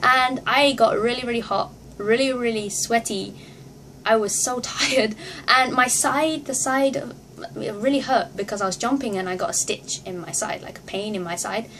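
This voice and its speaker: Woman vlogger, higher-pitched, excitable storyteller who acts out her reactions, light background noise. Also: normal speed. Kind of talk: casual storytelling to camera.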